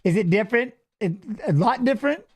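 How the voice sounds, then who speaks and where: A middle-aged man hosting a fight watch-along, chatting casually and coaching the fighters aloud with excited calls. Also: sits high, a little fast, breathy edge. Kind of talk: casual live fight commentary.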